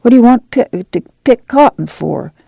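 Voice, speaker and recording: A man's voice: very high-pitched, lively intonation, normal speed, gravelly, warm tone, dry recording, pitched above the performer's own voice, exaggerated voice. A man voicing a weary, determined farm mother who gives firm orders in plain rural dialect. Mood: firm, urging.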